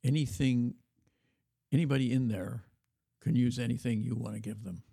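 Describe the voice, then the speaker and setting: A man hosting a casual conversation, relaxed and measured with a few fillers. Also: medium pitch, gravelly, husky, dry recording, clean studio sound. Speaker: host.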